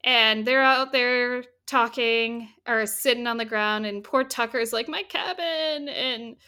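A woman casually retelling a film's plot as a podcast co-host, lively and swearing freely. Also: fairly high pitch, unhurried, clear, resonant tone. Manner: animated storytelling, swears freely. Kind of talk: casual chat recapping a film.

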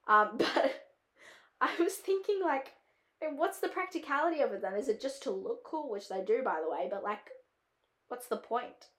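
Casual Australian woman host, chatty and tangent-prone, slightly high voice, echoey room sound. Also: lively intonation, moderate pace. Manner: rambling, heavy use of "like", drifts into tangents. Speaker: podcast host reviewing a film. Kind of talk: casual chat.

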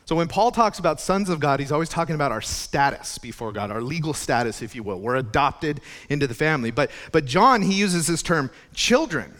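A man's voice: fairly high pitch, expressive, fairly quick, hardly any pauses, fairly bright tone. A male pastor preaching a conversational sermon, talking casually with frequent restarts and asides.

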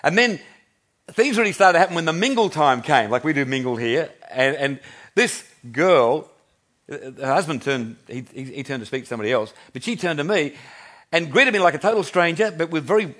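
A man in his fifties with an Australian accent, preaching a sermon in a relaxed storytelling way, chuckling and restarting his sentences as he goes. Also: fairly high pitch, a little fast. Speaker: pastor.

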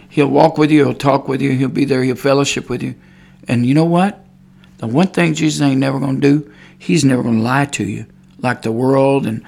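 With a gravelly, medium-pitched voice, a man delivers a loose, informal sermon. He wanders and repeats himself, sometimes building to fervor and calling out praise.

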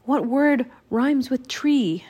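A woman's voice: sits high, animated, slow, mellow, husky, voice pushed up, exaggerated voice. An impulsive young boy magician, as a woman reader puts him on in a storybook, chanting rhymes with eager confidence, his voice raised above her own. He charges ahead, enthusiastic and rash. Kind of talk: audiobook reading.

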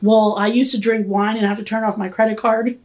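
A woman's voice: a little high, little pitch movement, a little fast, darkish tone. Giggly rambling young woman storyteller. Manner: rambling, giggly, heavy use of "like". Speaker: podcast guest. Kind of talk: casual storytelling chat.

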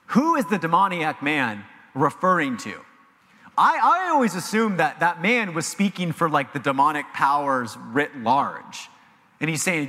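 Animated preacher with a bright voice. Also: male voice, a little high. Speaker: pastor. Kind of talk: sermon. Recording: long reverb of a large hall.

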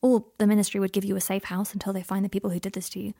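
A woman's voice: medium pitch, little pitch movement, very fast, gravelly, warm tone. A woman voicing a proud, guarded young man in an audiobook, clipped and prickly in manner. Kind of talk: audiobook character voice.

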